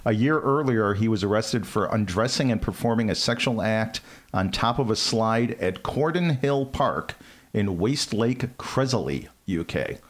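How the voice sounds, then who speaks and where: A man's voice: fairly low pitch, a little slow. A man co-hosting a casual comedy podcast, reading out quiz items and laughing often. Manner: animated, laughs often, reads items off a list. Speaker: podcast co-host running a quiz.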